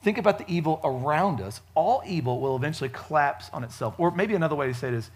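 A man preaching a casual sermon at a church service, chatty and joking, with frequent fillers and lively swings in loudness. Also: on the high side, quick pace, few pauses, breathy edge. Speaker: pastor.

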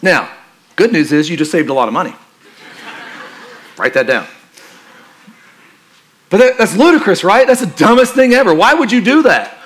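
A male pastor preaching a sermon in a conversational, joking style that turns quiet and earnest for emphasis. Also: high-pitched, very animated, moderate pace, long pauses.

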